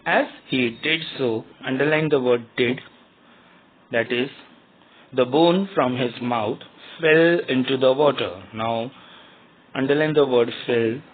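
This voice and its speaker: A man's voice: medium pitch, slight background noise. A male teacher giving a grammar lesson to young students, spelling words out letter by letter. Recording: tinny phone-like sound.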